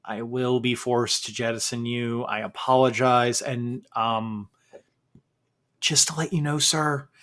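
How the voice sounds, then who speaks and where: A man's voice: mid-range voice, fairly even intonation, slow, fairly bright tone. A man putting on a flustered polite security guard. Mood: wary, polite. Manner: hesitant, apologetic, formal.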